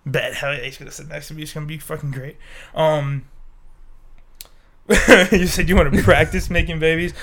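His voice is on the high side, a bit bright and steady, at normal speed with long pauses. A young man under the weather, he co-hosts a casual podcast on a desk mic, swearing, joking, and laughing frequently.

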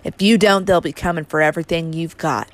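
A woman reading the lines of a furious, bigoted man with a gravelly, ash-rough voice and a contemptuous, spitting manner. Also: sits low, fairly quick, dry recording, natural voice. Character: bigoted, furious white man, scheming and menacing.

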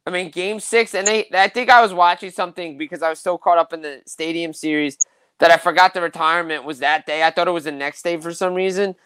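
Crisp, dry-sounding male hockey fan host. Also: a little high, steady tone, quick pace, a bit bright, dry recording, poor audio. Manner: enthusiastic fan, heavy use of "like". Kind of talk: casual sports chat.

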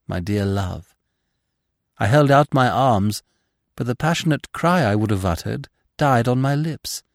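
Male audiobook narrator, low gravelly voice, lively pitch, dry close sound. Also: no echo. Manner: slow, expressive storytelling.

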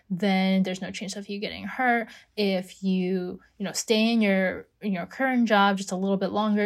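A woman's voice: medium pitch, creaky. A woman life coach giving a casual self-help monologue, often using "like", "you know" and "right?". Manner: casual, full of "like" and "right?" fillers.

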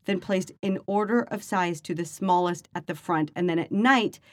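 A woman's voice: on the low side, normal speed, no echo. A middle-aged woman co-hosting a casual podcast, chatting wryly and reading news items aloud with dry asides. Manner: wry, chatty, reads articles aloud with dry remarks. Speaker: podcast co-host.

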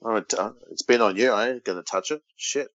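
Low-voiced Australian man, dull lo-fi audio. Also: a little fast, fairly bright tone, dry recording. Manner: reads odd news stories aloud, teasing banter. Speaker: podcast co-host. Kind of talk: casual podcast chat. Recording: dull lo-fi dry recording.

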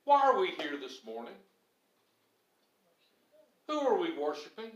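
This high-pitched, sing-song preacher keeps a measured pace as he addresses his church, and the audio sounds dull. In Southern phrasing, his sermon climbs to emphatic bursts, echoing through the sanctuary.

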